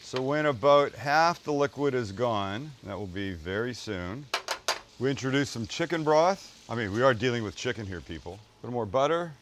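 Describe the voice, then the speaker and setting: A man hosting a casual cooking demonstration, chatty and jokey, talking to his crew and himself as he cooks and swearing now and then. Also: mid-range voice. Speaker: cooking show host. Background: food sizzling in a pan.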